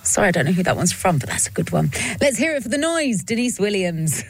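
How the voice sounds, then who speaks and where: Woman radio host, mid-pitched and breezy, reading puns over a soft music bed. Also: big pitch swings, husky. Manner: playful, reads listener puns with quick asides. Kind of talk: chatty radio presenting. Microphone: studio microphone.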